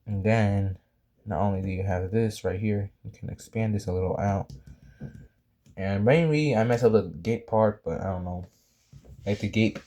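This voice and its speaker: A young man talks through a drawing tutorial in a relaxed, meandering way, with lots of ums and self-corrections. His voice sits a little low, with a warm, mellow tone. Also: moderate pace. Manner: rambling, apologetic, many fillers and restarts. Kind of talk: casual drawing tutorial chat.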